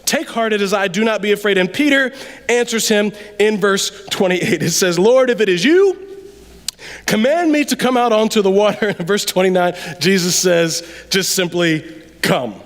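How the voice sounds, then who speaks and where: A man delivers a sermon in a lively, dramatic way, sometimes sinking to a near hush to drive a point home. His voice sits high for a man. The sound rings with the long reverb of a church hall. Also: moderate pace. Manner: animated, drops to a hush for emphasis, laughs and acts out voices. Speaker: preacher. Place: church sanctuary.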